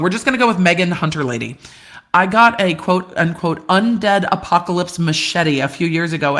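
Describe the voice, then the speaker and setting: A middle-aged woman lawyer hosting a casual live Q&A, reading viewer comments aloud in a chatty way with quick asides and easy laughs, speaking from a rented room. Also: on the low side, a bit bright. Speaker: lawyer and livestream host. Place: rented room indoors, glass cabinets behind her.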